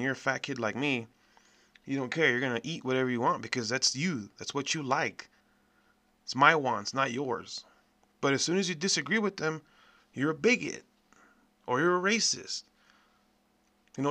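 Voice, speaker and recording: Bright-voiced man ranting bluntly. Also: mid-range voice. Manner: profane, blunt, animated ranting. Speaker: podcast host. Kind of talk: casual ranting monologue.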